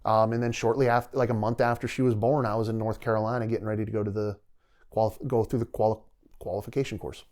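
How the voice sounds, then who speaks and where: Lower-voiced man telling war stories. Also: quick pace. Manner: animated storyteller who acts out quoted dialogue and laughs often. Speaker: podcast guest, retired soldier. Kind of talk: casual storytelling interview.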